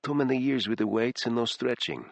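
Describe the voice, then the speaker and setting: A man's voice: medium pitch, brisk, vocal fry, no room sound, lightly acted. A man voicing a fond, teasing woman in her thirties with a light Eastern European accent and blunt phrasing, in an audiobook. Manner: blunt, teasing, drops small words. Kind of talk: audiobook character voice.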